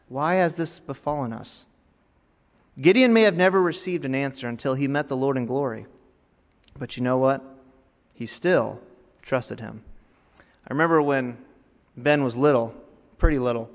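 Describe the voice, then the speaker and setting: A male pastor delivers a sermon in a fairly high voice, dropping to near-hushed tones and then rising into emphatic, louder passages. His words ring out with a long reverb, as if recorded in a large church hall. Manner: dramatic preaching that swings between hushed and raised.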